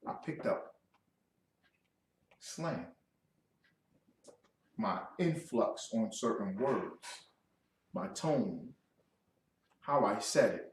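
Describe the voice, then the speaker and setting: A man giving a class lecture in an animated, mocking, confrontational way, with loud outbursts. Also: lowish voice, drawn-out words, long pauses, slight background noise. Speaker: class instructor. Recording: echoey room, mic far off.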